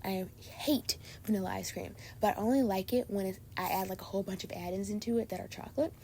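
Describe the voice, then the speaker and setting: A young woman hosts her own podcast late at night, chatting casually and gushing in a bubbly way, though she's a little sleepy and tired. Her medium-pitched voice is fast and a bit mellow, with slight background noise.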